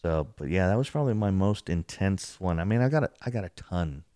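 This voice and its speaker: A man casually telling an excited story about a paranormal investigation, acting out what was said. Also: a little fast, dry recording, studio quality. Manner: excitable, acts out quotes, rising pitch when telling.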